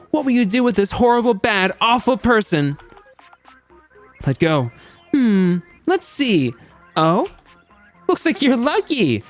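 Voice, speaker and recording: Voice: medium pitch, pitched above the performer's own voice. A streamer voicing a gleeful, sadistic game-show host in a game, with mocking showman patter. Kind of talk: reading game dialogue aloud.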